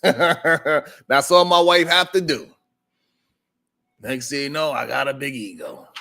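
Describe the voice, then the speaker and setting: A man's voice: a little high, bright, forceful tone. A man hosting a live-stream show, chatting casually with viewers in a loose, profane, joking way and laughing often.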